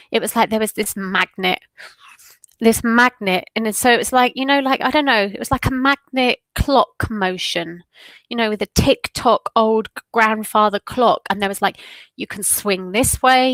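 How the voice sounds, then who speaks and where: A woman's voice: medium pitch, fairly bright tone, no echo. A woman hosting a weekly tarot meditation, talking in an emotional, rambling way with a runny nose. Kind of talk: casual spiritual talk.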